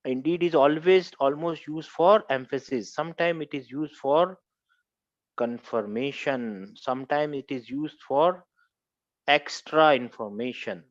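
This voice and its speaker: A man with a slightly high voice teaches a grammar class, going over each rule again and again and putting questions to his students. The recording is dull and lo-fi, with almost no room sound. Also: measured pace, dry recording. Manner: repetitive, quizzing students, explains step by step. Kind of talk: classroom lecture.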